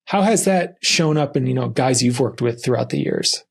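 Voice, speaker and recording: A man hosting a podcast, asking curious, relaxed questions with easygoing fillers. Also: mid-range voice, moderate pace, vocal fry, slightly rough. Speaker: podcast host. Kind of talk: casual interview.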